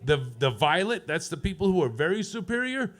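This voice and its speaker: A man works an open mic stage with a profane, deadpan stand-up set, ribbing people in the crowd. His voice sits high for a man. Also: brisk. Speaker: stand-up comedian. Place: comedy club stage.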